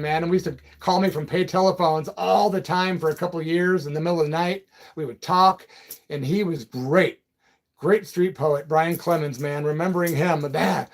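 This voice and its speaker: A man hosting a casual live chat, reading out viewer comments in a loose, friendly way and calling people brother and man. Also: a little high. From Peoria, Illinois. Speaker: livestream and radio host.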